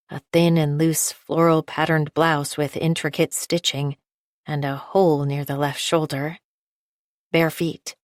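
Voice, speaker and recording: Low voiced woman reading a novel in first person, precise and kinda detached. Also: dry recording, studio quality. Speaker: audiobook narrator. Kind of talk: first-person scripted narration.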